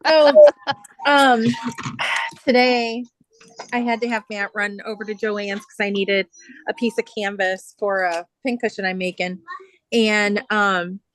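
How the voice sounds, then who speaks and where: A woman's voice: medium pitch, steady tone, measured pace, pauses often, fairly bright tone, slight background noise. A woman, older, hosting a live sewing stream and chatting fondly about her grandson on a video call. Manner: chatty, doting grandmother talk. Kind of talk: casual chat.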